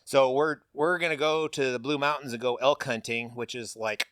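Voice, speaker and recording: A man as a podcast guest in a casual chat, intense and quick with exclamations. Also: medium pitch, fairly even intonation, a bit bright, clean tone, no echo, clean studio sound.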